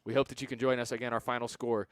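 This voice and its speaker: A young man calling baseball on radio, reading scores in a lively way with quick quips. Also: medium pitch, clear, resonant tone, no room sound. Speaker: play-by-play radio announcer. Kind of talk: radio sports wrap-up.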